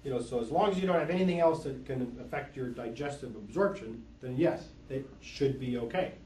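A man's voice: mid-range voice, brisk, darkish tone, slight background noise. A man who works as an eye doctor, patiently explaining lenses and eye health with everyday comparisons. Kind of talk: explaining to an audience. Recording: echoey room, mic from far off.

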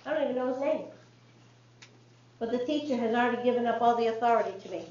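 A woman with a high voice tells a story to a live audience, acting out each line of dialogue with lively energy. The sound is roomy and a little dull, as if picked up in a hall with faint background noise. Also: fast talker. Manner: animated, acts out dialogue. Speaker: speaker on child behavior.

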